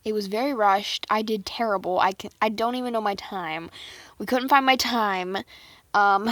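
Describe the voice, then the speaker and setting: A woman's voice: mid-range voice, moderate pace, fairly bright tone, no echo. Chatty young woman, dry close sound. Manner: chatty, self-deprecating, with fillers. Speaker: vlogger. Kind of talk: casual recap.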